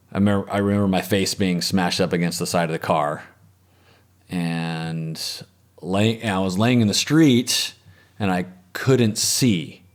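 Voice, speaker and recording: A man as an interview guest, telling a personal story in a reflective, matter-of-fact way that often trails off softly. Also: low-pitched. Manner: reflective, matter-of-fact, with frequent restarts and trailing soft phrases.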